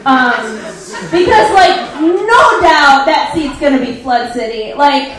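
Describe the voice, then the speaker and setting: Woman comic, high voice, sarcastic and foul-mouthed; live set in a booming, reverberant club room. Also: lively intonation, slow pace. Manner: sarcastic, profane, laughing asides. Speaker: comedian presenting slides. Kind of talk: live stand-up movie recap. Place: live comedy venue.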